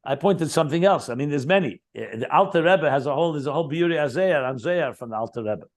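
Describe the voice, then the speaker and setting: High-pitched man teaching a text. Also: animated, fast. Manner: explains, repeats key terms, enthusiastic asides. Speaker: Chassidus teacher. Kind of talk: Talmudic-style text study lesson.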